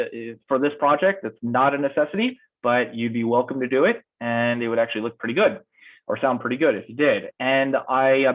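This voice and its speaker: A male instructor giving an online lecture, thinking aloud as he demonstrates software. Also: fairly high pitch. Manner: thinks aloud while clicking through slides. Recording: tinny phone-like call audio.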